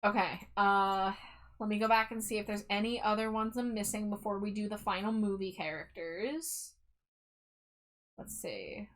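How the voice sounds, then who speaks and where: A woman's voice: medium pitch, fairly even intonation, normal speed, fairly bright tone. A woman hosting a casual stream, reading out toy bios and ranting bluntly and sarcastically, with some swearing. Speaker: streamer host.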